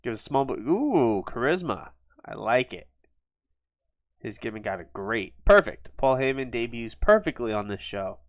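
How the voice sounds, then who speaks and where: A man giving quick, offhand casual commentary on a wrestling sim game, with fillers. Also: medium pitch, very animated, dry recording. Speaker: gaming video host.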